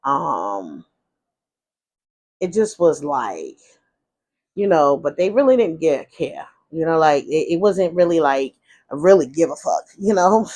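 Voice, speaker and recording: A woman's voice: low-pitched, big pitch swings, unhurried, long pauses, darkish tone. A woman vlogger telling her own life story in a candid, casual way. She rambles frankly, restarts her sentences and adds asides.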